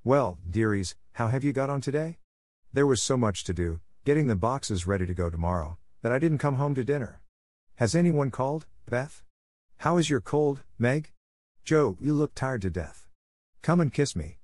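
A man voicing a gentle, affectionate middle-aged mother. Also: mid-range voice, lively intonation, normal speed, no echo, clean studio sound, voice pushed up, lightly acted. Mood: tender. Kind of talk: audiobook character voice.

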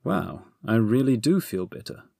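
A man's voice: medium pitch, very animated, a little slow, gravelly, mellow, no echo, clean studio sound, pitched above the performer's own voice, full character voice. A man voicing a cheeky, chatty young hero with a scheming streak in a storybook reading. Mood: breezy. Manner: chatty, upbeat.

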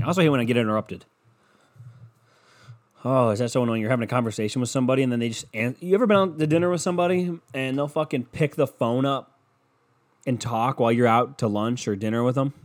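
A man hosts a solo podcast at a mid-range pitch, talking into a bedroom microphone. He rambles and swears freely, jumping from one gripe to the next with a jokey edge. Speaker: podcast host. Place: bedroom, in the dark.

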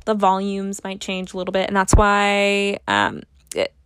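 Slow, rambling woman in her twenties. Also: mid-range voice, very animated, a bit bright, clear, resonant tone, dry recording, studio quality. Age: 20s. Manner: rambling, full of fillers and restarts, self-mocking, swears casually. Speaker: podcast host. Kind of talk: casual solo podcast monologue.

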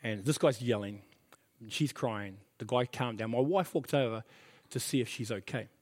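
A man's voice: medium pitch, normal speed, a little mellow. A middle-aged man preaching a sermon as pastor, earnest and emphatic, repeating his key phrases. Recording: reverberant hall.

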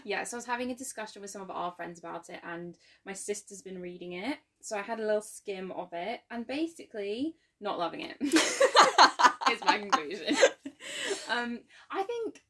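A woman's voice: mid-range voice, expressive, moderate pace, pushed and bright. A young woman co-hosting a podcast in casual chat, talking freely with frequent laughs and fillers. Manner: chatty, laughs often, many fillers. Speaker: podcast co-host.

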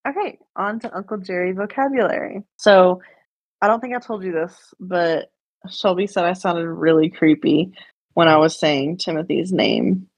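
A young woman chats casually as a podcast co-host, slightly low in pitch. She mumbles and fills her talk with "like" and laughter. The sound is dry and close. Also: moderate pace, no echo, highs cut off. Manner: mumbling, lots of fillers and laughs. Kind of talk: casual chat. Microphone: remote voice call.

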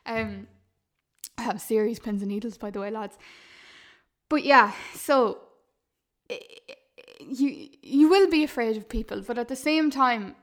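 A woman's voice: fairly high pitch, a little slow, long pauses. A woman, chatting earnestly on her podcast, laughing often and calling her listeners "lads". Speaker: podcast host and YouTuber. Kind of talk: casual podcast chat.

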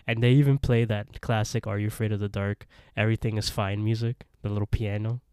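A man co-hosting a podcast recaps an episode in a rambling, casual way, acting out the characters' lines and laughing. His lowish voice is mellow, clear and resonant, with a flat, brisk delivery. The recording is clean studio sound with no room echo.

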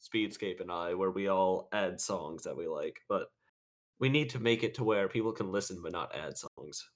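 A man's voice: deep voice, normal speed. Easygoing male podcast co-host. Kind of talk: casual chat.

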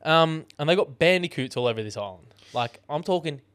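A young Australian man co-hosting a podcast, telling animated stories full of swearing in casual chat. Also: a little high, fairly quick, no echo. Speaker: podcast co-host.

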